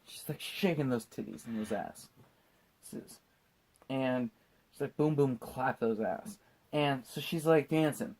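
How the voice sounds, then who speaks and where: A tipsy man hosting a podcast, retelling a movie in casual chat and acting out the characters' lines in loud put-on voices. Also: mid-range voice, measured pace. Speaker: podcast host.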